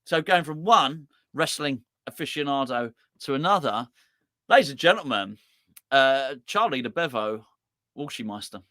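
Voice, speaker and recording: A man's voice: medium pitch, normal speed, no echo, clean studio sound. A man hosting a live fan show, chatting and joking as he reads out viewer predictions. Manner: chatty, jokey, lively, reading out names. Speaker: host of a fan channel.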